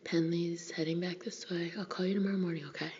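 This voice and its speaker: A woman narrator voicing a married man on a secret phone call, in a whispered role-play, placating and hurried. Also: fairly high pitch, level tone, darkish tone, a little hiss or hum, lightly acted. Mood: rushed.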